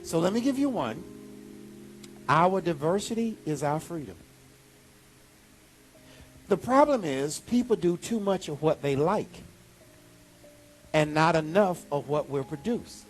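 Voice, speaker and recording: A man pastor preaching a sermon, animated, with sudden high exclamations. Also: measured pace, pauses often, soft background music.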